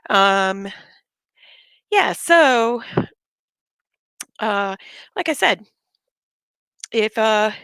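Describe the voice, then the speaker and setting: Speaking extremely slowly and pausing often, the woman has an expressive, gravelly, medium-pitched voice that's also clear, resonant, and a bit bright, captured on a dry recording. The livestreamer, ill with covid and out of breath, rants with blunt, profane fire in a casual stream.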